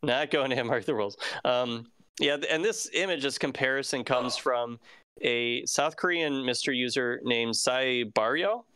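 Bright, clear-voiced man hosting a stream. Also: medium pitch, unhurried, dry recording. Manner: rambling, many fillers and restarts. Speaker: show host. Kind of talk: casual live-stream news chat.

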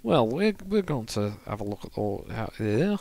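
A man's voice: on the low side, very animated, normal speed, creaky, a little mellow, heavily acted. A man putting on a cheery Scottish brogue. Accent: Scottish, as imitated.

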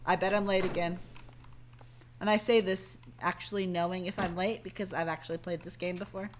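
A woman's voice: fairly low pitch, steady tone, a little fast, a little hiss or hum. A woman streamer chatting casually and joking with her audience while playing a game. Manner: joking, banters with chat and cohost. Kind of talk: casual gameplay chat.

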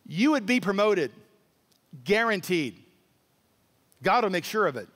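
A man's voice: sits high, big pitch swings, a little slow, a bit bright. A male pastor preaching a sermon with emphatic repetition, acting out quoted voices. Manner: emphatic, repeats key words, acts out quoted voices. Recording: echoey hall with long reverb.

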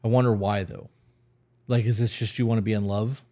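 In this clip, a male podcast co-host chats casually with strong opinions, speaking bluntly and swearing often. His voice is fairly low, steady in tone, a little fast, and mellow.

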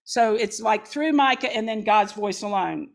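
A woman's voice: mid-range voice, moderate pace, gravelly. A woman pastor preaching a sermon, reading scripture dramatically with folksy asides.

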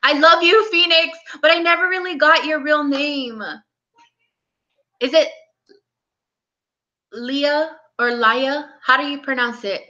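A young woman hosting a casual live stream, speaking softly and close to tears as she greets viewers by name. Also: sits high, steady tone, moderate pace, lo-fi sound. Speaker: livestream host.

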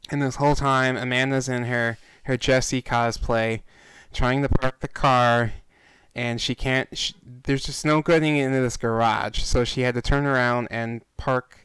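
A man with an exceptionally clear, smooth voice at an ordinary pitch. He co-hosts a casual podcast, telling stories in a relaxed, easygoing way. His voice is recorded dry and close. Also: unhurried, dry recording, poor audio. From Chicago area. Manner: relaxed, easygoing storyteller with fillers. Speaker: podcast co-host.

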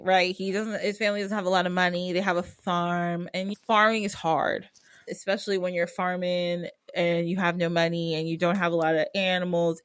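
A woman's voice: fairly low pitch, fairly bright tone, dry recording, studio quality. A woman podcast host telling a story casually, with laughing, profane asides.

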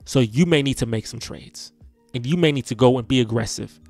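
A man's voice: mid-range voice, a little fast, gravelly, darkish tone, dry recording, soft background music. A man, a sports content creator, giving a blunt, frustrated, unscripted rant and repeating himself.

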